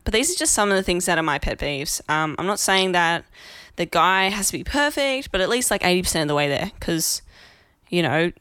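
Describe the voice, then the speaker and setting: A woman in her twenties with an Australian accent, hosting a podcast and telling stories in a blunt, chatty way with lively acted-out quotes. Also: lowish voice, clean tone, dry recording, studio quality. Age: 20s. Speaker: podcast host. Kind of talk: casual monologue.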